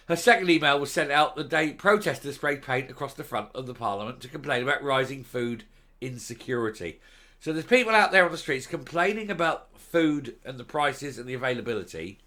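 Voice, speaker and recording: A middle-aged man vents furious political commentary straight to camera. His voice is bright and forceful, and he breaks into loud, mocking outbursts between stretches of seething talk. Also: on the high side, very animated, a little fast. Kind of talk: angry ranting commentary.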